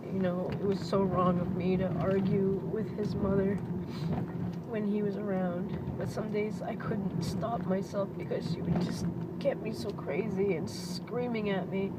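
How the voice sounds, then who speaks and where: Emotional woman vlogging over loud traffic. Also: medium pitch. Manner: heartfelt, fighting back tears. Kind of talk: personal video diary. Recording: dull lo-fi audio with loud vehicle noise.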